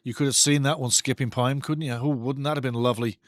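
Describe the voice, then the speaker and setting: A man hosting a live football watch-along, commentating excitedly on the match and chatting with viewers' comments. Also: mid-range voice, quick pace, no echo.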